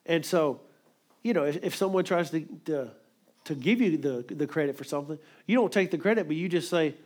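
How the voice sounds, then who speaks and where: A man preaching a sermon, emphatic, moving quickly and acting out quoted voices. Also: fairly high pitch, animated.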